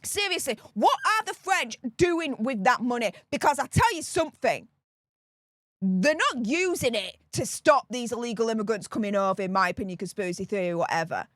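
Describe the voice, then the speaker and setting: A woman's voice: on the high side, expressive, moderate pace, fairly bright tone, no echo, studio quality. A woman with a Northern English accent giving opinionated political commentary, ranting indignantly and repeating her points for emphasis.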